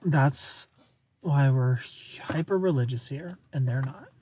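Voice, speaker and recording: A man's voice: mid-range voice, slow, warm tone, slight background noise. A tired man chatting casually on a live stream, rambling, joking and greeting viewers by name.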